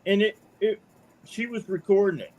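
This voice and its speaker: A man's voice: high-pitched, normal speed, darkish tone, muffled recording. A middle-aged man calling in to a podcast, telling stories in a chatty, folksy way and often tagging on "man.". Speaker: caller. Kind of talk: casual storytelling.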